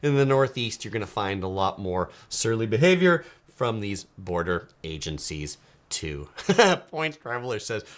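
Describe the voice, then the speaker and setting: A man hosting a casual live stream, reading viewer comments aloud and chatting, often slipping into playful mock voices. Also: lowish voice. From United States.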